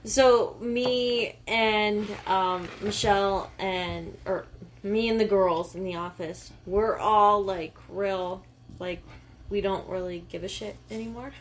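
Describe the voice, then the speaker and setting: A woman's voice: mid-range voice, fairly even intonation, slow pace, slight background noise. A woman co-hosting a podcast, telling a story in casual chat with trailing sentences and fillers. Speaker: podcast co-host.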